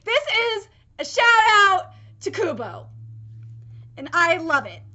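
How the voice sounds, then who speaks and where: A young woman, a manga reaction vlogger, talking excitedly and swearing as she reacts, breaking into shrieks. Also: extremely high pitch, slow, lo-fi sound. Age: young adult. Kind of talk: live reaction vlog.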